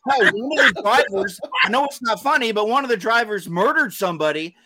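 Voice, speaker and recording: A man's voice: high voice, expressive, brisk, bright, forceful tone, no echo. A man in a casual chat, ranting with profanity in a comic way.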